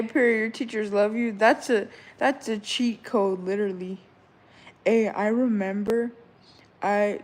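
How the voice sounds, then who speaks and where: A young woman in her twenties talks straight to her viewers in a relaxed, rambling vlog chat. She hands out advice and stories, looping back with "all right?" and "you know" as she goes. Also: mid-range voice. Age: 20s. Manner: chatty, repeats "all right?", loose and rambling. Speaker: vlogger. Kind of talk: casual chat giving advice.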